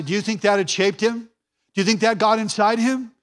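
A man's voice: high-pitched, steady tone, normal speed. A man pastor preaching a sermon in a church, repeating key phrases for emphasis and acting out the voices he quotes.

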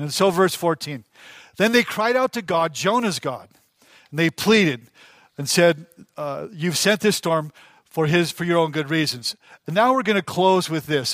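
A man's voice: on the high side, a bit bright, no room sound. A man preaching a sermon as pastor, emphatic and direct with the congregation, repeating his key phrases.

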